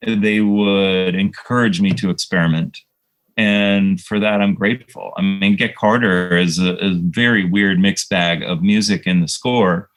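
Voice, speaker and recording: A man's voice: low voice, fairly even intonation, unhurried, low-quality recording. A man, a composer guest, chatting in a casual interview and telling reflective, rambling stories with many fillers.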